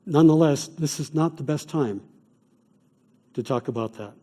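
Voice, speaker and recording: Earnest chaplain with a mellow voice. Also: male voice, mid-range voice. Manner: earnest, measured, tells stories. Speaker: chaplain teaching a class. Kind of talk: evening lecture on grief care. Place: classroom or church hall.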